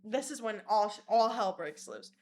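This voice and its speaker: A young woman telling a story in a vlog, animated, dramatic and full of swearing. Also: medium pitch, a little slow.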